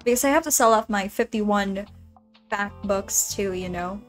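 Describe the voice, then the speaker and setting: A woman's voice: mid-range voice, unhurried, faint music behind. A woman streaming a game, chatting casually to her viewers, giggling and rambling as she plays. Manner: giggly, rambling, talks to chat. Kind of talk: casual gaming stream chat.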